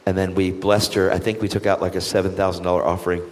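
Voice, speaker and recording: Animated man telling a testimony. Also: deep voice, fast talker, big-room sound. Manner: animated, acts out quoted voices. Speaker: evangelist guest. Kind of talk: storytelling testimony.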